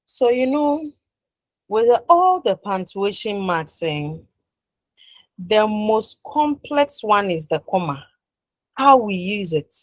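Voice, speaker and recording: A woman's voice: medium pitch, very animated, slow, pauses often, no echo, low-quality recording. A woman giving a university lecture. She rephrases her points, checks that the class is following, and leaves sentences open with "what?" for students to finish.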